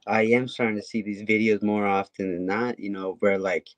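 A man co-hosting a podcast in casual conversation, animated and asking rhetorical questions. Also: lowish voice, normal speed, dry recording. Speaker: podcast co-host.

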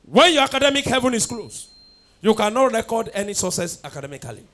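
High-voiced fervent pastor. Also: male voice, big pitch swings, fast, fairly bright tone. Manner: fervent, repetitive call-and-response preaching. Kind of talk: sermon with sung prayer chants. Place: church at a night prayer service.

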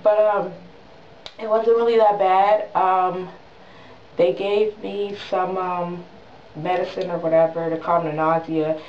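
A young woman in her twenties telling a story in a casual vlog, animated and dramatic, with quick voiced asides. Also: lowish voice, a little hiss or hum. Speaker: new mother vlogger. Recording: distant mic in an echoey room, dull sound.

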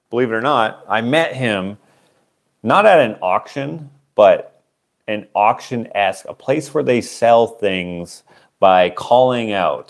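A man in his late twenties, hosting a livestream and telling a rambling story with a microphone on, often breaking off on tangents. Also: mid-range voice. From Canada. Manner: chatty, wanders off on tangents, self-interrupting. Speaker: livestream auction host. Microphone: wearing a microphone.

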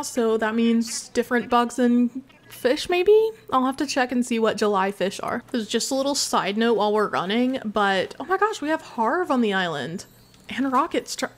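A chatty woman commenting on her gameplay, drowsy and yawning as she talks. Her voice sits a little high, and she drifts into self-mocking tangents. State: sleepy. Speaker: gaming channel host.

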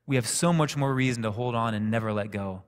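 A man preaching a sermon, telling a personal story in a calm, conversational way. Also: mid-range voice, quick pace, smooth. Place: church sanctuary. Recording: echoey church hall reverb.

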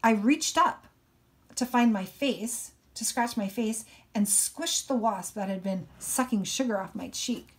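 A woman's voice: a little high, a little slow. A woman reading a novel aloud and explaining it thoughtfully between passages.

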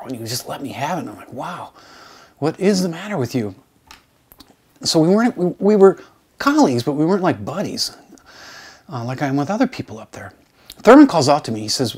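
A man's voice: a little high, sing-song, fairly quick, pauses often, breathy edge. Man telling a story to his students. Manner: conversational, acts out quoted dialogue with voice shifts; drops to a soft, hushed tone for the sad parts. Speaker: college composition instructor. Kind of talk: informal storytelling video lesson to students.

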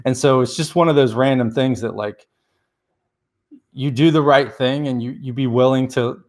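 A man's voice: medium pitch, normal speed. A man, a real estate investor guest, telling a story and giving earnest advice in a casual interview.

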